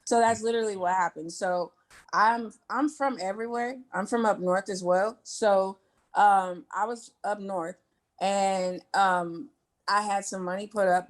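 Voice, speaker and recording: A young woman from Indiana appears as an interview guest, sharing her story openly with lots of swearing, filler words, and quick asides. Her voice is mid-range and her tone stays steady.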